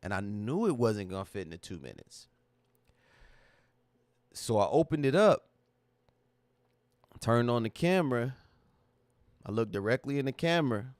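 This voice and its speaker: A man's voice: medium pitch, very animated, measured pace, long pauses, a little mellow, no echo, studio quality. A man hosting a livestream, talking casually to his chat in a candid, emotional, slang-heavy way that repeats itself. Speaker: livestream host.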